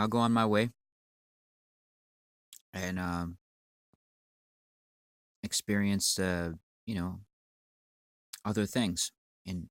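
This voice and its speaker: Guy w a stuffy sinus cold, deep-ish voice, cussing and stammering thru a rambling rant, dry sound. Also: no echo. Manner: profane, rambling, stammering retort to a commenter. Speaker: channel owner. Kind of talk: ranting monologue.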